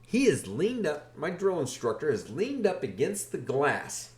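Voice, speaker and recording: A man hosting a podcast, telling a wry, animated story in a casual way. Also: on the high side, measured pace. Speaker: podcast host.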